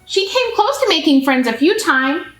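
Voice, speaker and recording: A woman reading a picture book aloud to children as a children's librarian, animated and asking the listeners questions. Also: extremely high pitch, moderate pace. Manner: animated, asks the audience questions. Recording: echoey room, faint music.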